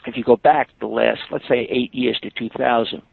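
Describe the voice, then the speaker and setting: A man's voice: medium pitch, steady tone, normal speed, creaky, husky, dry recording. An older man, a market technician telling stories in a podcast interview, emphatic and full of fillers. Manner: storytelling, emphatic, many fillers. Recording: dry, tinny phone-like line.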